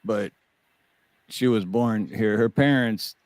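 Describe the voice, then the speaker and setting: Laid-back low-voiced man on a call. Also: slow pace, a little mellow, no room sound. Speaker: panel guest, streamer. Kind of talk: casual chat on a livestream panel. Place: lives in Hawaii.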